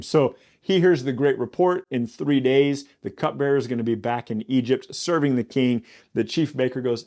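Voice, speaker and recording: A male pastor gives a casual Bible lesson in a middle-pitched voice. He is animated and loose, stumbling over and repeating words when he gets worked up, and his voice climbs into excited disbelief at the twists of the story. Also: normal speed.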